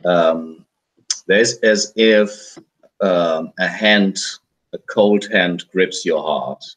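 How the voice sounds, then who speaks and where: A man's voice: low voice, very slow, a bit bright, low-quality recording. A man narrating in a tabletop story game, hesitant and searching for words. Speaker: player.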